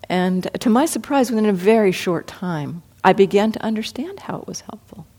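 A woman meditation teacher giving a reflective dharma talk, gently acting out her own inner thoughts as she speaks. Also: medium pitch, expressive, a little fast, few pauses.

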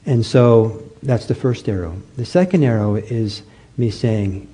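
A man giving a meditation talk, telling stories gently with many pauses, fillers and restarts. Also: medium pitch, expressive, breathy edge. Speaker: meditation teacher. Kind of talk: dharma talk.

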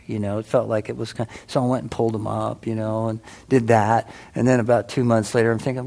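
Halting, gravelly man sharing his practice. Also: lowish voice, little pitch movement, darkish tone. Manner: rambling, halting, full of "you know" and restarts. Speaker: meditation practitioner giving a talk. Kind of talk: casual personal talk. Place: meditation center hall.

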